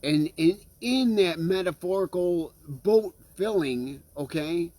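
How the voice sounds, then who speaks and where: A man with a highish, slightly mellow voice preaches a sermon earnestly. He often restarts his phrases and checks in with listeners through frequent "okay?" and "right?"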